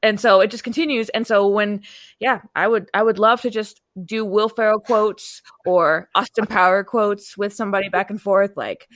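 A woman co-hosting a casual podcast, animated and profane, quoting movies and shows. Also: medium pitch, moderate pace, dry recording. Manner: animated, quotes movies, swears. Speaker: podcast co-host. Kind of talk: casual chat.

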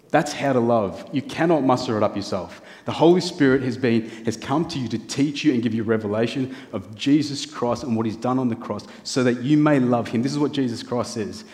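A man preaches in a church, earnest and steady. His voice sits at an ordinary middle pitch. Long reverb from the big hall trails after each phrase. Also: fairly quick. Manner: earnest, building through rhetorical lists and questions. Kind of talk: sermon.

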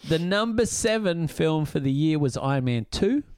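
A middle-aged man hosting a casual podcast chat, telling stories in an animated way and jumping into high voices to quote people. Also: moderate pace, smooth, no echo. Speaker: podcast host.

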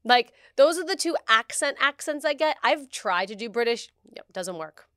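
A woman talks casually and jokes about herself, with "like" sprinkled through her speech. Her voice sits a little high. The sound is dry and close. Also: lively intonation, moderate pace, fairly bright tone, no room sound. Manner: chatty, self-deprecating, says "like" a lot. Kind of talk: casual podcast chat.

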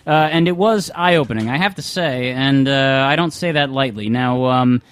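A man's voice: medium pitch, normal speed, fairly bright tone, clean tone, no echo. A man hosting a loose radio show, rambling and swearing casually as he wraps up the episode.

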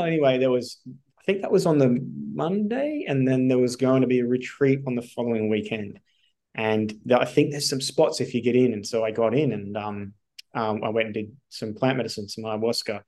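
An Australian man telling his story as a podcast guest, animated and casual, with lots of swearing and fillers. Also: medium pitch, normal speed.

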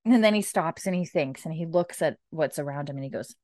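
A woman hosting a casual chat, recapping a story and acting out characters' lines in quick put-on voices. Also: sits low, darkish tone, no room sound, clean studio sound. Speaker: podcast host recapping an episode.

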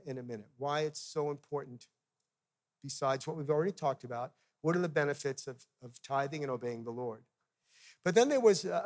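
A man in his fifties, a missionary preacher, giving a sermon with personal stories and putting direct, conversational questions to his listeners. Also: sits high.

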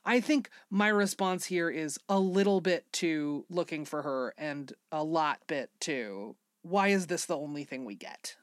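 A woman's voice: deep voice, lively intonation, unhurried, hardly any pauses, dry recording, studio quality. A woman in casual conversation about a movie, with a wry sense of humor. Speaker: podcast co-host. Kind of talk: casual film review chat.

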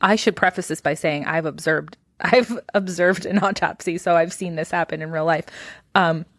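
A woman's voice: lowish voice, moderate pace, no echo. Teasing young woman, dry close mic. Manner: teasing, laughs often. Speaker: podcast co-host. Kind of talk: casual movie-review chat.

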